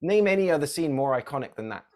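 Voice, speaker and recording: A man's voice: a little high, animated, fast, a little mellow. Guy cohost talking movies, earnest, kinda emotional, keeps asking the others what they think. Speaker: podcast co-host. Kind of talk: casual movie discussion.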